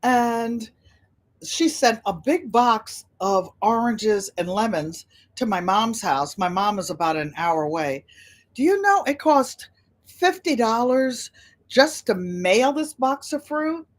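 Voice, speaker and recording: A woman's voice: fairly high pitch, animated, slow. Rambling older woman chatting on livestream. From United States. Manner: rambling, greets chat viewers by name. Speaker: livestream host. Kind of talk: casual livestream chat.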